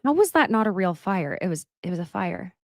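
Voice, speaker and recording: A woman in her thirties co-hosting a casual recap chat, animated and profane, slipping into quick impressions of the people she talks about. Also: mid-range voice, dry recording, studio quality. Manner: animated, profane, mimics people with put-on voices. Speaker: podcast co-host.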